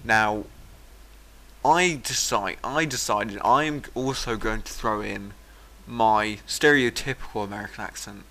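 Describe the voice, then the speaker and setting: Gravelly bright-voiced British man rambling. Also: on the low side, measured pace. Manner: chatty, rambling and self-deprecating. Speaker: listener sending in a recorded message. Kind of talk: rambling recorded message.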